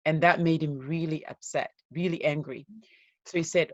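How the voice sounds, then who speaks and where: A woman giving an interview as a guest, telling her own life story in an earnest, steady way. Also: sits low, fairly quick, no echo, dull audio. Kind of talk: personal story told in an interview.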